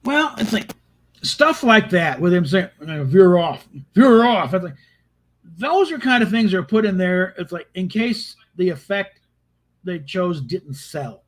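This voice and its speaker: A man's voice: high voice, very animated, measured pace, poor audio. A man giving casual, rambling spoken commentary on a film, with frequent restarts and exasperated asides. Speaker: video host reviewing a film.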